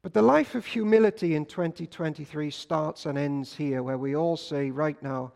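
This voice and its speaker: A man preaching a sermon, telling stories and swinging between loud bursts and hushed lines. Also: a little high, moderate pace, gravelly. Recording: long hall reverb.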